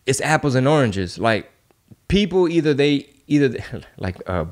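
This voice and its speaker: A man's voice: mid-range voice, very animated, moderate pace. Man ranting with rhetorical questions. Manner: heated rhetorical questions, street slang. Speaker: podcast host. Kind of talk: casual podcast chat.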